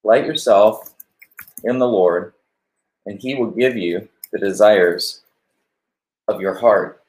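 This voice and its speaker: Guy doing a chatty live stream devotional, lowish voice, roomy echo. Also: slow. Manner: conversational, warm-hearted preaching with asides to viewers. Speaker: pastor hosting a live stream.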